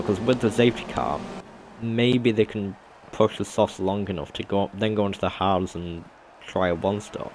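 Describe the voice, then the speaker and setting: A man with a low voice co-commentates an online race. He runs through positions and tyre strategy in a matter-of-fact way. Faint engine noise hums behind him. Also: steady tone, normal speed, darkish tone. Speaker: sim racing co-commentator.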